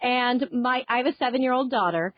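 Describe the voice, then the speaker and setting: A woman in her thirties hosts a food podcast, talking with a guest and delivering a scripted intro in a warm, gushing way, laughing easily. Her voice is a little high and a little quick, and the audio is dull with no echo.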